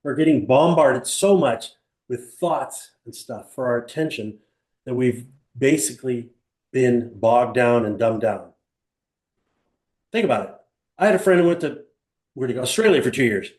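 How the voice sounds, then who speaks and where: A man's voice: mid-range voice, moderate pace, reverberant. An older man teaching a live motivational seminar to an audience in a small room, telling stories and asking the audience questions. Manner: animated storyteller, rhetorical questions, acts out other people.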